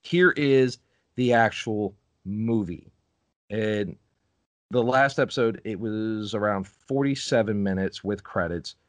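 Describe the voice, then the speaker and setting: A man's voice: lowish voice, slow pace, dry recording. A man co-hosting a podcast in casual chat, rambling, laughing often and wandering off on tangents. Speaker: podcast co-host.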